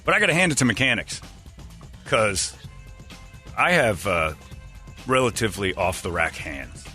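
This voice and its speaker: A man's voice: on the low side, big pitch swings, normal speed, pushed and bright, faint music behind. A man hosting a casual morning radio show, telling stories that mock himself and acting out other people's lines. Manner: self-mocking storyteller, acts out other people's lines.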